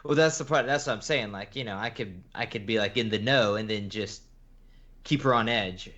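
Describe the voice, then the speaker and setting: Relaxed male co-host with dry asides. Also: lowish voice, normal speed, muffled recording, a little hiss or hum. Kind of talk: casual live-stream chat.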